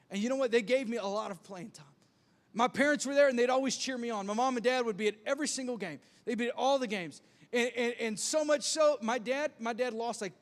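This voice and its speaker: A man's voice: very high voice, big-room sound. A man preaching a sermon as pastor, telling self-deprecating stories with lots of stammered restarts. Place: church sanctuary.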